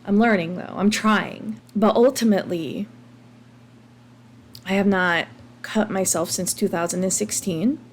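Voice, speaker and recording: A woman's voice: mid-range voice, unhurried, pauses often. An American woman in her thirties hosting a podcast, speaking openly and confessionally about her own past, with frequent ums and restarts. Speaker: podcast host. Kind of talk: candid personal monologue.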